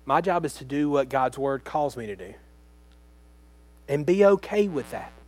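Earnest male pastor preaching, fairly high voice. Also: animated, moderate pace, a little mellow. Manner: earnest, conversational preaching with direct questions to the congregation. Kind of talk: sermon.

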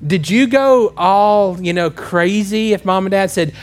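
High-voiced man preaching a sermon. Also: unhurried, few pauses. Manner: conversational, asks the congregation questions. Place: church.

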